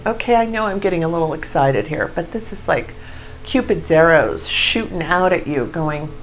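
A woman in her sixties giving a casual tarot reading to camera, excitable and gushing as she exclaims over each card. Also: lowish voice, rough recording. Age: 60s. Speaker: tarot reader.

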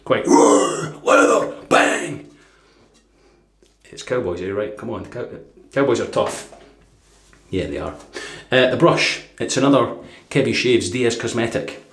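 A man's voice: mid-range voice, moderate pace, a bit bright. A Scottish man from Dundee chatting casually through a product review, rambling with fillers and chuckles. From Dundee, Scotland. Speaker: shaving vlogger. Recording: echoey room.

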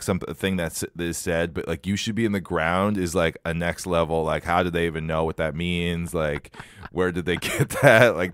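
A man's voice: low voice, clear, resonant tone, no room sound, studio quality. A man co-hosting a podcast in casual chat, laughing often and rambling. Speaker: podcast co-host.

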